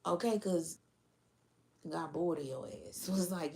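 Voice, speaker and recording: A woman's voice: fairly low pitch, moderate pace, warm tone. Profane, laughing woman tarot reader. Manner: blunt, profane, laughing, slangy. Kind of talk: casual tarot reading to viewers.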